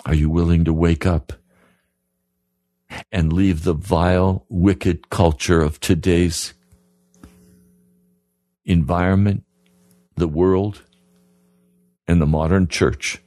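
A man with a very low, deep voice preaches slowly and earnestly, pressing the same pleading question again and again. He speaks close to the mic in a dry, dead studio sound. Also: steady tone, a little mellow, no room sound. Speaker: radio preacher. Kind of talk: sermon broadcast.

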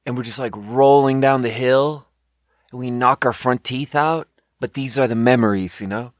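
A man's voice: mid-range voice, moderate pace, dry recording, studio quality. A young adult man ranting in a casual podcast chat, exasperated and profane, rambling with many fillers. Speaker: podcast host. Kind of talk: casual rant.

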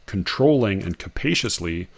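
A man in casual conversation, halting and self-interrupting as he picks apart rhyme and stress in verse. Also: low-pitched, animated, creaky, a little hiss or hum. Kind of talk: casual conversation about poetry and rap.

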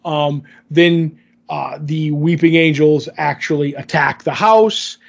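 A man's voice: on the high side, takes it slowly, vocal fry, muffled recording. A man casually recapping a TV episode in a loose, rambling way, full of fillers. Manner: rambling, filler-heavy retelling. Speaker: podcast co-host.

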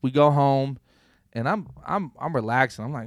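Young male podcast co-host, mid-pitch, loose storyteller, swears a lot, dry close sound. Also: normal speed, no echo. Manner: animated storyteller, swears freely, acts out quoted thoughts. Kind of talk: casual storytelling chat.

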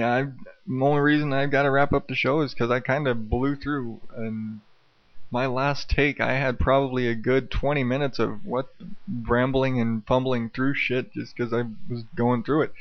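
A man's voice: mid-range voice, no echo, muffled recording. Male solo podcast host, rambling and profane, self-mocking; dry, close sound through an old karaoke mic at home. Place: untreated room at home, late at night. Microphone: old dynamic karaoke microphone.

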